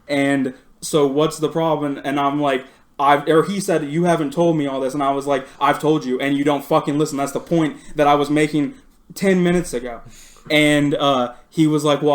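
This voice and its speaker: A man on a podcast retelling a workplace blowup, swearing freely and laughing as he goes. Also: on the high side. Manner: profane, animated, laughs while retelling. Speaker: podcast co-host. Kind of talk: casual storytelling chat.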